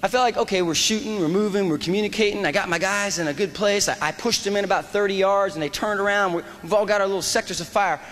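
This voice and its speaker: A man in his forties, an army veteran telling a war story as a speech, animated and acting out the dialogue. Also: high-pitched, fast talker, hardly any pauses. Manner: animated, acts out dialogue and shouts quoted lines. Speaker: motivational speaker and army veteran. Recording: reverberant hall with faint noise.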